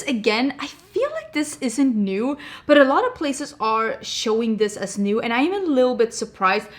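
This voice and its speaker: A young woman with a slightly high voice chats casually about beauty products. She talks in a breezy, talkative way and keeps asking her audience rhetorical questions. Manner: chatty, full of rhetorical questions. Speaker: beauty vlogger. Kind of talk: casual chat.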